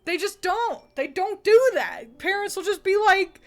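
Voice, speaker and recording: A woman's voice: high-pitched, animated, takes it slowly, few pauses, fairly bright tone, soft background music. A woman streamer chatting casually, ranting bluntly with profanity and frequent laughter. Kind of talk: casual livestream chat.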